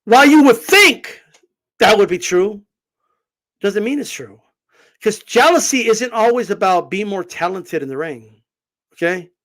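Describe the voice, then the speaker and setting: Lively, high-voiced man ranting. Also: a little slow, pauses often. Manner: animated, swearing, rambling with many fillers. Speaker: boxing commentator. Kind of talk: casual boxing talk vlog.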